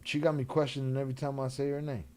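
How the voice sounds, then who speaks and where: A man's voice: mid-range voice, flat delivery, racing, mellow. A man hosting a live stream in loose, joking slang, laughing often, a few drinks in. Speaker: livestream host. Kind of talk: casual live-stream chat.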